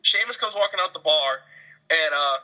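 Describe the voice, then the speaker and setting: A young man chatting casually, his voice sharp and very bright. He tells stories animatedly and acts out the people in them. The audio is dull and lo-fi. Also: a little high, normal speed. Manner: animated storyteller, acts out quotes. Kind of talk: casual chat.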